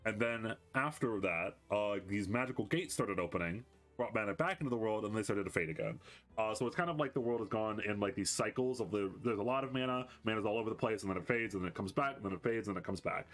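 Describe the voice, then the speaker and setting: A man's voice: on the low side, quick pace, fairly bright tone, faint music behind. A man acting as game master, loosely explaining the campaign world in a meandering, conversational way. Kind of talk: explaining a tabletop campaign setting.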